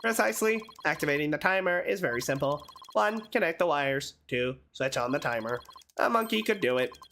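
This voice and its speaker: A woman voicing a terse, flat, robotic-sounding male bomb disposal expert in a game read-along. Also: sits low, fairly quick, slight background noise, pitched below the performer's own voice. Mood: deadpan. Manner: clipped, monotone, terse.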